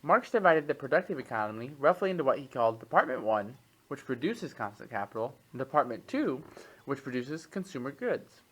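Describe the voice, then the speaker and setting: A man's voice: medium pitch, sing-song, fairly quick, a bit bright, poor audio. Man reading a political text aloud. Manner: reads long passages aloud, then comments with fillers. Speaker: reading group member.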